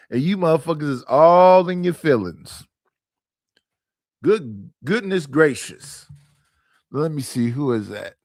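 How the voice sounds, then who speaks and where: A man's voice: fairly high pitch, dry recording, clean studio sound. Exasperated man ranting on a livestream. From Oakland, California. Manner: exasperated, rhetorical, profane. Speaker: livestream host. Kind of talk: casual livestream rant. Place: his living room.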